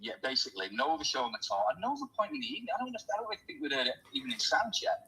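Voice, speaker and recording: Husky man telling a story. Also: a little high, racing, poor audio. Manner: animated storyteller, acts out quoted voices. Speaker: host. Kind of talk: casual storytelling chat.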